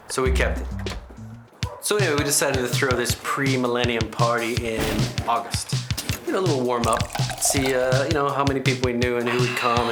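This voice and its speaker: Guy rambling thru a funny true story, lots of side tangents, music playing behind him. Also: mid-range voice. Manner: rambling, chatty, full of asides and digressions. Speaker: host and narrator of a comedy reenactment show. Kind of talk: comedic first-person storytelling.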